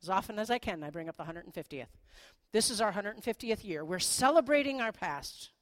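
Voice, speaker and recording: A middle-aged woman pastor giving a sermon in a conversational, animated way, with playful asides. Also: medium pitch, fairly quick.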